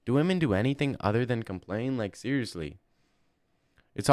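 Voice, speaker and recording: A young man livestreaming and chatting casually, reading chat and answering with crude, deadpan banter. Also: medium pitch, normal speed, dry recording, clean studio sound.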